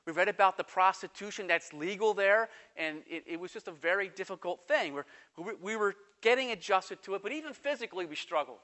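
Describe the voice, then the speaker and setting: Preaching a sermon, a pastor with a high, bright voice shares a personal story in quick, animated bursts. Whenever he reads scripture aloud, he slows way down.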